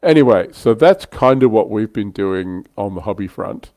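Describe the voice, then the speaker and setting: A man's voice: fairly low pitch, expressive, moderate pace, warm tone, dry recording. Older man, dry close voice. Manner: chatty, self-deprecating, laughs often. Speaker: livestream host. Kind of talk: casual livestream chat.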